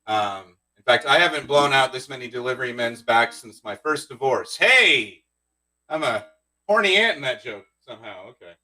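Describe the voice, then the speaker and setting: A man doing a stand-up comedy set, telling deadpan one-liners with awkward asides. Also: medium pitch, brisk, far from the mic, low-quality recording. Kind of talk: stand-up set streamed live.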